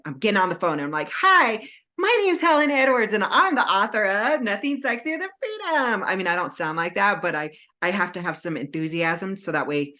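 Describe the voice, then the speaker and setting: A woman co-hosting a podcast, telling a story with lively energy and acting out her own phone calls. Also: fairly low pitch. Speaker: podcast co-host, indie author. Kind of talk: casual podcast chat. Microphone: home setup with green screen, video call.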